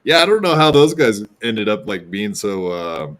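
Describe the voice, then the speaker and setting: A man hosts a podcast with a slightly low voice. He talks in an easygoing, rambling way, circling back and restarting his sentences as he chats. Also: big pitch swings, normal speed, a bit bright, slight background noise. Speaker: podcast host. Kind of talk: casual chat.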